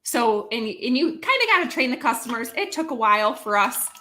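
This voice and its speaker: A woman's voice: on the high side, sing-song, fairly quick, pushed and bright. A woman co-hosting a casual business live stream, explaining how the office runs with her own examples. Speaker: co-host handling office and numbers.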